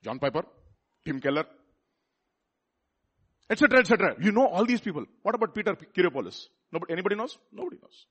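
A man with a Telugu accent preaching a sermon, repeating words and building up to loud rhetorical questions. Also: high-pitched, sing-song, quick pace, pauses often, husky. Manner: repeats words and restarts phrases.

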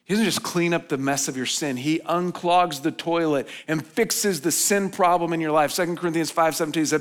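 A man preaching a sermon as pastor, telling a personal story in a conversational way, rising to emphatic points and dropping soft and low for reflection. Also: moderate pace, hardly any pauses. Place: church hall.

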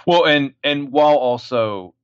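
Profane animated man on a dull podcast recording. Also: mid-range voice, a little slow, smooth, no room sound. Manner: animated, profane, acts out lines. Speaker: podcast co-host. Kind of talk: casual movie discussion.

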